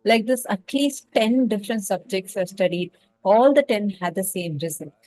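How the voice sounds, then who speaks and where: A woman's voice: mid-range voice, moderate pace, a little mellow, no echo, low-quality recording. A woman in an online spiritual lecture, explaining a study and stressing to her listeners that it really happened. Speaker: spiritual course instructor.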